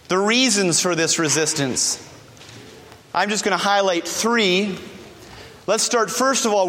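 A man's voice: fairly high pitch, sharp tone, long reverb tail. A man preaching an earnest sermon as pastor, acting out the voices of the people he quotes.

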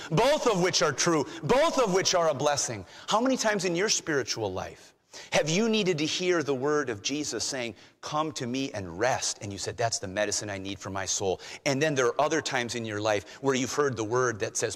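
A male pastor preaching a sermon, moving between loud emphasis and hushed, almost whispered lines. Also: mid-range voice. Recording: long hall reverb.

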